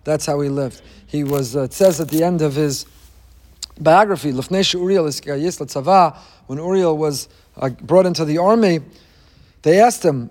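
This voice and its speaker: A man's voice: fairly high pitch, moderate pace, darkish tone, in a large hall. A man teaching a sermon on the weekly Torah portion, an emphatic storyteller who sprinkles in Hebrew terms.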